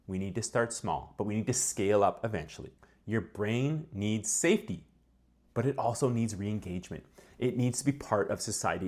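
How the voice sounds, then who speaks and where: A man with a somewhat low, hoarse voice that is wearing thin speaks directly to his viewers. He explains recovery steps in an earnest, emphatic way and keeps checking that they follow. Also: a little mellow. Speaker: concussion recovery educator. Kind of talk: direct-to-camera advice talk.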